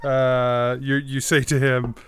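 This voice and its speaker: A man's voice: mid-range voice, little pitch movement, slow pace, clear, resonant tone, no echo. A man narrating as game master in a tabletop game, with a hesitant delivery full of fillers.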